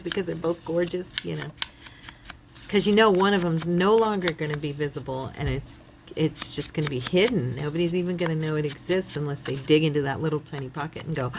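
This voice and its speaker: A woman chats to her viewers while crafting at home, thinking aloud in a relaxed, self-deprecating way. Her voice sits low with a gravelly fry. A faint hiss runs behind her. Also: a little fast. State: yawning, relaxed. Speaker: craft channel host. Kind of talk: casual crafting chat to viewers.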